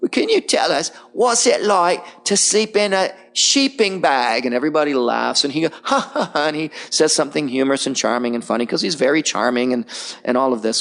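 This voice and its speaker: Brief: middle-aged male guest, gravelly, mid pitch, blunt, animated storyteller. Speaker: podcast guest, survival filmmaker. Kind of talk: candid conversational interview.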